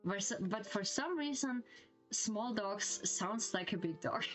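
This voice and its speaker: German accented streamer girl reading a game story, slow and giggly, faint music behind. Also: fairly high pitch, lively intonation, rough recording. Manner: giggly, gushing reactions.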